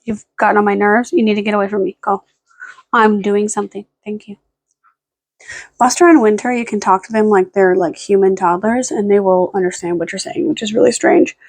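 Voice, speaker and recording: A tired woman vlogging at home late at night, rambling and swearing, snapping sharp commands at her dogs. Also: medium pitch, steady tone, a little fast, no echo. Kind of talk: casual vlog talk.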